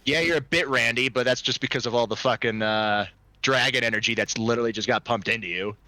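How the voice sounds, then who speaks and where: Bright-voiced casual game master man. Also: mid-range voice, fast talker, no echo. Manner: casual, crude, joking. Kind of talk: narrating a tabletop role-play game.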